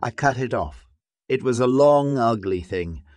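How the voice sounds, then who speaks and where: A sly little female monkey who fibs her way out of trouble, pitched up high, as a man puts her on. She sounds falsely innocent and pleading, in a slow storybook telling. The recording is dry and close. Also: lively intonation, darkish tone, no room sound, close to an everyday voice. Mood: boastful. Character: sly female monkey, quick-talking and fibbing.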